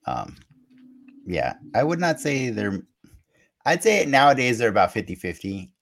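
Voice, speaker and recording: A man co-hosting a casual podcast chat, talking in an animated way with frequent fillers. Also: medium pitch, unhurried, creaky. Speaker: podcast co-host.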